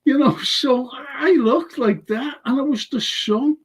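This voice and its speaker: A man's voice: very high voice, takes it slowly. An older man hosting a casual chat show, rambling through anecdotes with lots of fillers. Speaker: show host.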